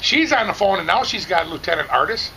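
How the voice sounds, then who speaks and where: A middle-aged man telling a rambling, animated story, casually chatting outdoors at a barbecue competition. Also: high voice, brisk, slight background noise, low-quality recording.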